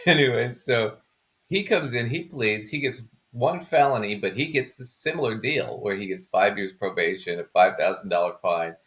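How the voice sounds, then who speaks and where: A man with a lowish voice hosting a podcast, easygoing and jokey, breaking into laughter between points as he walks through the story. his tone stays loose and conversational. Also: expressive, normal speed, a bit bright. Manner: laughs often, joking and chatty. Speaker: podcast host. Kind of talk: casual chat.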